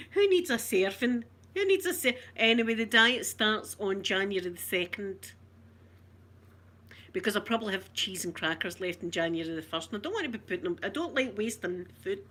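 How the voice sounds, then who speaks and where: A woman's voice: medium pitch, moderate pace, pushed and bright, a little hiss or hum. A woman with a Glaswegian Scottish accent, hosting a casual, playful chat with her viewers and giggling often. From Scotland. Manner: chatty, giggly, broad and playful. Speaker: ASMR channel host chatting with viewers.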